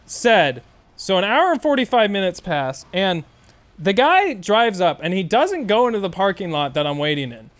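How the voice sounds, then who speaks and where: Streamer, male, high voice, casual profane storytelling, animated rant. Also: normal speed.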